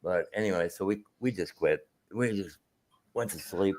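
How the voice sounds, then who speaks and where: A man in a casual chat who talks haltingly, restarting and repeating himself as he goes. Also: deep voice, a little mellow.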